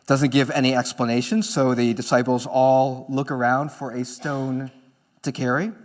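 A pastor preaching a sermon in an earnest manner, moving between emphatic lines and hushed ones. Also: male voice, medium pitch, level tone, normal speed.

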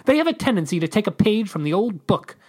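A podcast reader voicing a fussy male alien ambassador in a high, theatrical, drawn-out voice. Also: very animated, darkish tone. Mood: lecturing. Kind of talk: podcast story reading.

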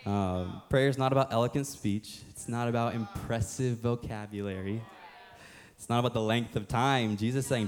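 A man's voice: mid-range voice, moderate pace, soft background music. A young man preaching a sermon as a young adults pastor, casual and joking, often acting out other people's voices.

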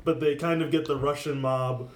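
A man's voice: a little high, moderate pace, echoey room. A man co-hosting a casual movie podcast, recapping the plot with frequent laughs. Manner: laughs often, animated recapping. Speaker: podcast co-host.

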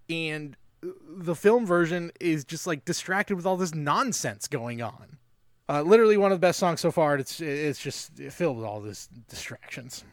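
Young guy podcast cohost, lively sarcastic movie recap, higher voice, dry close mic. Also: moderate pace, no echo. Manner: animated, sarcastic, swears casually. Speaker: podcast co-host. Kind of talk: casual movie recap chat.

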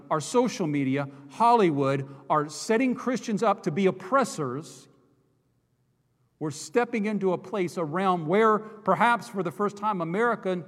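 Guy preaching a fired-up sermon, kinda higher voice, stumbles and repeats himself, big echoey church. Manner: impassioned preaching with repetitions and restarts. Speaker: pastor. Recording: long hall reverb.

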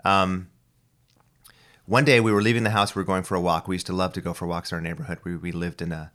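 A man with a very low voice rambles casually through a solo podcast monologue. He swears freely, restarts his sentences and drifts between rants and personal stories in an offhand way. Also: level tone, fast talker, a bit bright. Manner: profane, ranting, full of restarts. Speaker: podcast host.

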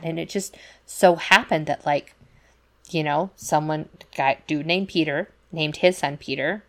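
Low-voiced woman on a podcast, rambly storytelling, lots of likes and you knows. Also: steady tone, a little slow, vocal fry. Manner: chatty storytelling full of fillers and asides; acts out quoted voices in retellings. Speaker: podcast co-host. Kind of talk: casual chat.

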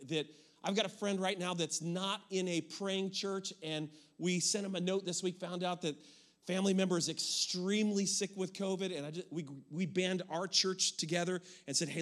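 A middle-aged male pastor who preaches in an energetic, conversational way and often repeats and restarts his words. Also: sits high. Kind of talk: sermon.

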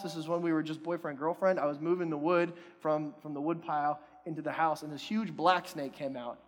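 A young adult man preaching a sermon in a church hall, in a casual, joking and self-deprecating way. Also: fairly high pitch. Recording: long hall reverb.

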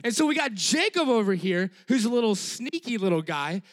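A man with a high-pitched voice preaches a lively sermon. He talks in an emphatic, conversational way, repeating his key phrases for weight. He keeps checking in with his listeners by tagging "all right?" onto his sentences. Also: brisk.

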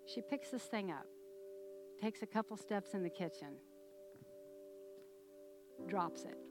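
A middle-aged woman preaching a sermon, telling a family story in a lively, conversational way with quick laughs. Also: medium pitch, music in the background. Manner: animated, conversational storyteller who laughs while talking.

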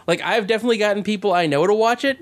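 Man, podcast co-host, casual chat, excitable, swears a lot, laughs often, slightly high voice.

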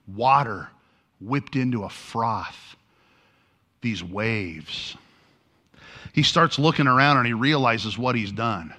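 A man preaching to a congregation, his voice bright and forward. His pitch leaps up and drops low as he tells the story, acting out each quoted line with feeling. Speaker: pastor. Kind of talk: sermon.

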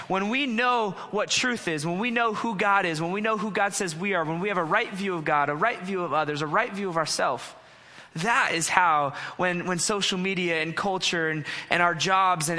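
A young man preaching from a stage, with a slightly high, bright and forceful voice. He talks in an earnest, conversational way and pokes fun at himself as he tells stories. The sound carries a long hall reverb. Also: moderate pace. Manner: conversational, earnest, self-deprecating storytelling. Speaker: pastor. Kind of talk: sermon.

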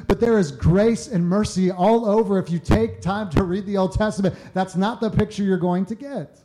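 A man's voice: a little high, steady tone, brisk, few pauses, dark tone. A man preaching a conversational sermon, often acting out quoted voices and repeating words as he starts sentences. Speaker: pastor.

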